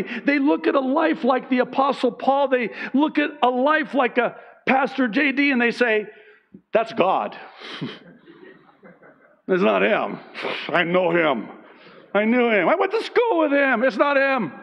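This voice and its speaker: Slow, expressive male pastor. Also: extremely high pitch, gravelly, muffled recording. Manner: emphatic, swinging from loud to hushed. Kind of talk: sermon.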